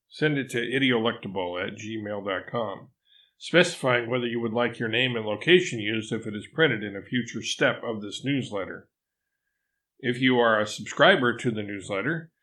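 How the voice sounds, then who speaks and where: Older male narrator, slightly low pitch, reads a tutorial aloud with dry humor. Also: fairly bright tone. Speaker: newsletter author reading his programming lesson. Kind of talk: reading a written lesson aloud with spoken asides.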